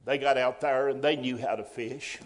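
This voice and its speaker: A man preaching a sermon in a folksy way, rising to loud emphatic bursts. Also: medium pitch, fairly even intonation, normal speed.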